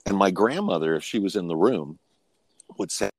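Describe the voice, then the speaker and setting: A man's voice: low-pitched, fairly quick, darkish tone, no echo. A man in his fifties, a podcast guest, telling personal stories in a frank, rambling way and often restarting his sentences. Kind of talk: personal storytelling in casual conversation.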